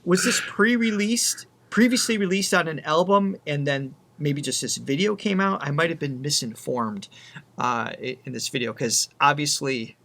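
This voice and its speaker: A man with a fairly high voice chats casually while reacting to a song. He talks with quick enthusiasm and often stops to restart a sentence. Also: creaky, a bit bright. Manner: enthusiastic, chatty, many restarts. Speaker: vocal coach co-host.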